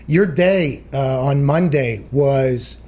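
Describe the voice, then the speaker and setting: A man's voice: mid-range voice, a little mellow. A man hosting a podcast, joking around and bantering with his guest in casual sports talk. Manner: joking, bantering, drawn-out teasing. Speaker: podcast host.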